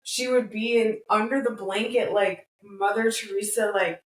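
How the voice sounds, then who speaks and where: A woman's voice: mid-range voice, normal speed. Casual woman co-host, chatty storyteller, echoey room, sits back from the mic. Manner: chatty, animated storyteller with frequent laughs. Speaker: podcast co-host. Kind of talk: casual chat. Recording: roomy, distant mic.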